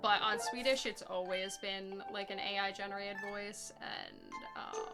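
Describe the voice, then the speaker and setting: Young woman streamer, casual chatter, lively pitch, game music behind. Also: measured pace, gravelly. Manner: chatty, filler-heavy, rambling. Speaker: speedrunner streaming. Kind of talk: casual chat while playing a game.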